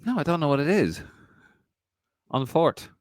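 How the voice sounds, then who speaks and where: A man's voice: a little high, sing-song, a little slow, dry recording, studio quality. A man hosting a podcast, chatting casually and laughing as he reads out viewer comments. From Ireland.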